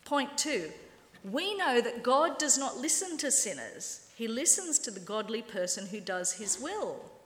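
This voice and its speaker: A woman's voice: a little high, moderate pace. Wry woman preaching in echoey hall. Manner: lively, wry, acts out quoted voices. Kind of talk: sermon. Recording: echoey hall with long reverb.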